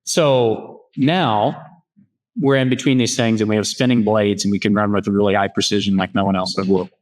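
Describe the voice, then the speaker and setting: A man from Kansas, a farmer and robotics founder, telling his story as an interview guest in an animated, restart-filled way on a farm. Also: on the low side, normal speed. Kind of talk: casual interview conversation. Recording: echoey room.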